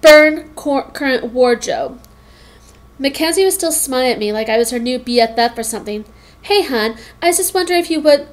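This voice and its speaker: A woman narrating a children's book in the first person, her voice a touch higher than most. She reads with lively expression and the occasional stumble over a word. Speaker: reader. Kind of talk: reading a children's novel aloud.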